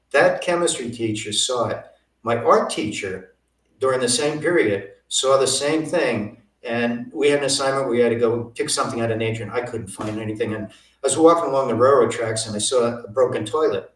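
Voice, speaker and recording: A man's voice: medium pitch, a bit bright, roomy sound, recorded from a distance, rough recording. A man telling stories as an interview guest, acting out the dialogue he quotes. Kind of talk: storytelling interview.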